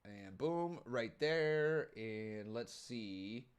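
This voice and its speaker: A man's voice: mid-range voice, lively intonation, very slow, smooth, highs cut off. A man hosting a live stream watch-along, commenting with upbeat energy, laughing often and chatting with his viewers. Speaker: host.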